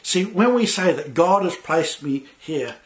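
A man's voice: on the high side, expressive, measured pace. A man preaching a sermon as pastor, talking conversationally with many fillers and restarts.

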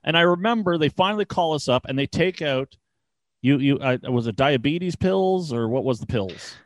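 Man, podcast host, casual storytelling, swears a lot, acts out voices, slightly high voice, dry close sound. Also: normal speed, no echo. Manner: animated, swears freely, acts out dialogue.

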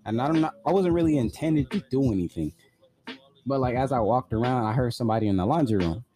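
A man's voice: mid-range voice, lively intonation, fast, dark tone, soft background music. A man casually telling a personal story, blunt and profane, full of "like" fillers.

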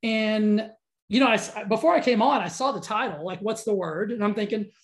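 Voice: medium pitch, fairly quick. An enthusiastic podcast host chats casually in a mid-range voice. The talk rambles a little and laughs come easily. Thoughts tumble out as the host reacts to the guest. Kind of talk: casual conversational interview.

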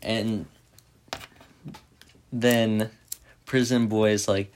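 A man's voice: lowish voice, fairly even intonation, takes it slowly, long pauses. A man giving a casual, rambling spoken recap of a movie, full of "like" and swearing freely. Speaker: movie reviewer.

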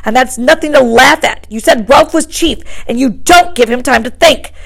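A woman reading aloud and voicing an anxious, indignant plump schoolboy who scolds in a shrill, breathless way. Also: normal speed, creaky, fairly bright tone.

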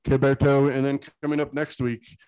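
A man co-hosting a casual sports podcast, excitable and rambling, going off on tangents with hype talk. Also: mid-range voice, moderate pace, smooth, dry recording, low-quality recording. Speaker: podcast co-host.

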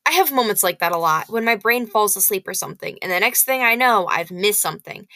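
A woman reading a novel aloud in expressive first-person storytelling. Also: medium pitch, dry recording.

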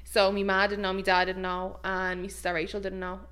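A young Irish woman co-hosting a podcast, telling family stories in a chatty way with lively impressions and plenty of "like". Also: medium pitch, brisk, clean tone. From Ireland. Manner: chatty storyteller, animated impressions, lots of "like". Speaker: podcast co-host. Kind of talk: casual chat.

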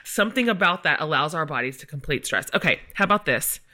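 A woman's voice: low-pitched, animated, fast talker, pushed and bright. A woman hosting a podcast interview, chatty and affirming, cheering on her guest in a casual conversational way. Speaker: podcast host.

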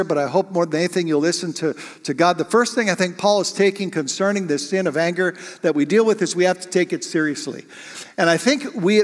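Man preaching in a reverberant hall. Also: a little high. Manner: conversational preaching with rhetorical questions to the congregation. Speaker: pastor. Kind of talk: sermon.

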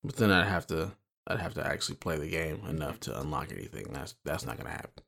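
A man's voice: extremely low pitch, big pitch swings, fast talker, vocal fry, fairly bright tone. A man hosting a podcast in casual chat, joking dryly and laughing often. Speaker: podcast host.

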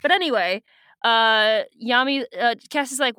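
A woman's voice: fairly high pitch, normal speed, sharp tone, clean tone, no echo. A woman co-hosting a podcast, chatting casually and giggly with lots of fillers. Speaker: podcast co-host. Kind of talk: casual chat recapping a book.

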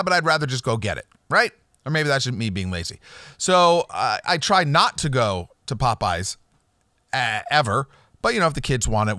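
A man's voice: mid-range voice, sharp tone, no room sound, studio quality. A man hosting a solo podcast, rambling and ranting with profanity and jokes. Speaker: podcast host.

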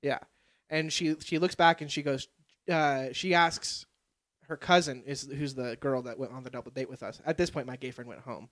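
A man's voice: mid-range voice, steady tone, normal speed, a bit bright. A young man hosting a podcast, telling a story in casual chat and swearing freely. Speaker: podcast host.

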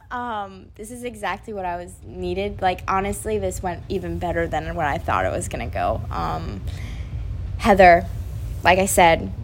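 A woman's voice: lowish voice, a little hiss or hum. Young woman podcast host, casual, teary and laughing, curses a lot. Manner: tearful, laughing, swears freely. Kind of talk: emotional casual chat.

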